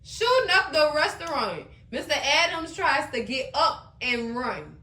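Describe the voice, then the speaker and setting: A woman hosting a casual TV recap, animated and exclaiming as she retells the episode. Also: high voice, measured pace, echoey room. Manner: animated, exclaiming and laughing between comments. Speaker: TV recap host.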